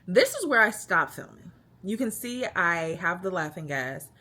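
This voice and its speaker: A woman's voice: fairly low pitch, big pitch swings, measured pace, bright, forceful tone. A young woman vlogging her birth story, retelling it emotionally with lots of quoted speech. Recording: light background noise.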